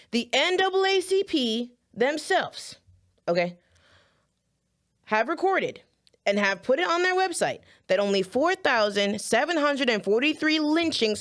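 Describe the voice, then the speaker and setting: Close to tears, a woman addresses her viewers directly with earnest, emotional commentary, repeating herself as she goes. Her voice is a little high, sing-song, and fairly bright, and she speaks at a measured pace.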